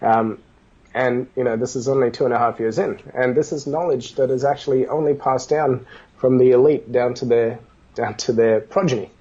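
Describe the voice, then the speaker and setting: A man telling business stories in a casual interview, animated, acting out the dialogue as he goes. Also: mid-range voice, normal speed, slightly rough, muffled recording. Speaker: business guest.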